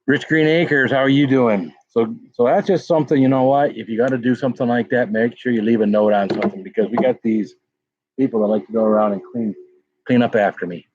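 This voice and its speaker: A man's voice: mid-range voice, fairly quick, a little mellow. A man hosting a casual pepper-tasting livestream, rambling and greeting viewers in chat by name. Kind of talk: casual live-stream chat. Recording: dull lo-fi sound.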